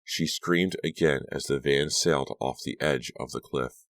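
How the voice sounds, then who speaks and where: A man narrating a suspense audiobook with measured, dramatic storytelling. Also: rumbling low, fairly bright tone, dry recording. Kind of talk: scripted narration.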